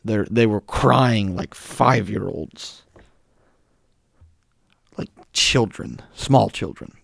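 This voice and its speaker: A young man with a hoarse voice from a cold, ranting bluntly in a solo podcast monologue. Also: fairly low pitch, extremely slow, a bit bright, no echo, clean studio sound. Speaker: podcast host.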